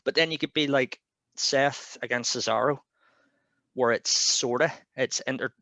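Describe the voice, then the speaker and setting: A man hosting a podcast in casual wrestling chat, talkative and quick to laugh. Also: mid-range voice, pushed and bright, no room sound. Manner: chatty, laughs often, quick asides. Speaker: podcast host.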